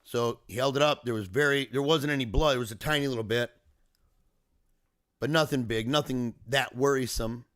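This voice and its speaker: Man in a video diary, reflective and earnest, medium pitch, dry and close. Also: moderate pace, a bit bright, dry recording. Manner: earnest, emotional, reflective storytelling. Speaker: father recounting a family emergency. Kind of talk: personal video diary monologue.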